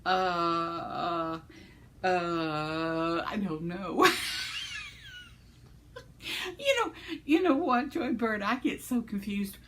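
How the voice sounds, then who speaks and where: A woman's voice: lowish voice, animated, very slow, pauses often, fairly bright tone, slight background noise. A woman, chatting casually as a vlogger, giggly and rambling, with fillers and trailing thoughts. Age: 70s. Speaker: vlogger reading viewer comments. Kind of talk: casual chat.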